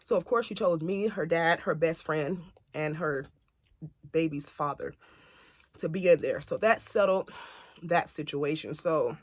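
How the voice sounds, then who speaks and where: A woman telling a family story to camera in a casual, animated way, acting out what others said. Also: low voice, unhurried. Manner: chatty, animated retelling that acts out other people's lines.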